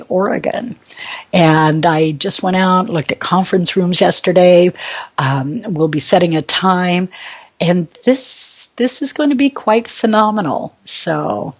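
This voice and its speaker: Husky woman hosting a spiritual talk. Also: fairly low pitch, a little mellow, dull audio. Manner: rambling, self-mocking, giggly. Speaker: spiritual show host.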